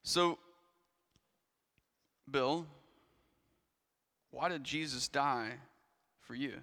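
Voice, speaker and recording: A man's voice: medium pitch, drawn-out words, bright, forceful tone, in a large hall. A man preaching a sermon in a church, telling a story in a conversational way with frequent restarts and asides. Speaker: pastor.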